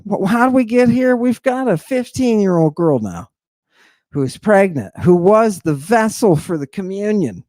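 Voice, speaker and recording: A man's voice: high-pitched, darkish tone, dry recording, studio quality. Emphatic male lecturer, rhetorical questions. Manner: teasing, addresses the audience directly. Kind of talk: informal lecture with slides.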